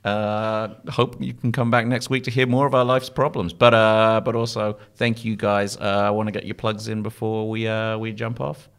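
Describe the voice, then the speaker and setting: A man's voice: on the low side, little pitch movement, moderate pace, vocal fry, hardly any pauses, fairly bright tone, clear, resonant tone. A man hosting a casual podcast, joking and easygoing as he steers the chat. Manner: joking, easygoing, wraps up the show. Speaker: podcast host.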